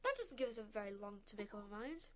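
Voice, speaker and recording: A woman voicing a nervous, timid middle-aged wife who speaks softly and hesitantly in a storybook reading. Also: fairly high pitch, very animated, fast talker. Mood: anxious. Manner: hesitant, soft-spoken.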